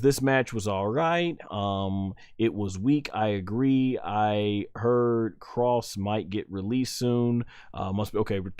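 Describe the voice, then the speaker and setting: A man's voice: on the low side, dry recording, clean studio sound. A man hosting a live stream, rambling and thinking aloud as he reads viewers' chat messages and answers them. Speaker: wrestling show reviewer and live streamer.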